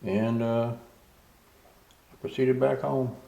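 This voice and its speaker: A man's voice: mid-range voice, fairly even intonation, slow, vocal fry, warm tone. An older man telling a rambling, folksy personal story as a voice-over, full of asides. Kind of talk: casual spoken story, voice-over. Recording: roomy echo.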